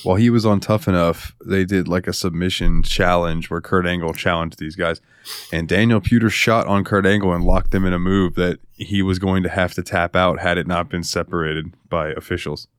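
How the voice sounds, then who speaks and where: A man co-hosting a casual podcast, chiming in with quick agreement and trivia. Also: low-pitched, steady tone, clear, resonant tone, no echo, studio quality. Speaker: podcast co-host. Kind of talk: casual chat.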